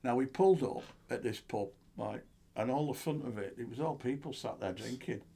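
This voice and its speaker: A man, a co-host telling animated stories in casual chat and acting out the dialogue. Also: mid-range voice, fairly quick, vocal fry, breathy edge. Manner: animated anecdote-teller, acts out dialogue.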